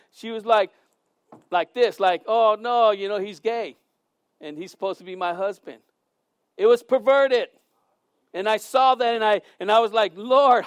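Brief: male preacher, high voice, earnest, emphatic sermon delivery, dry close sound. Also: dry recording. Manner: earnest, emphatic, repeats words as he speaks.

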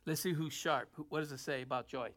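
A man preaching a sermon to his congregation in a conversational way, dropping to soft asides and rising to loud emphasis. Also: on the high side, steady tone, fast. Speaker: pastor.

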